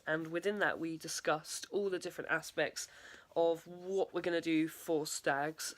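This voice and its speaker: A young woman, a drama student, talking through a spoken video diary in a hesitant way, full of fillers and "sort of". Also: deep voice.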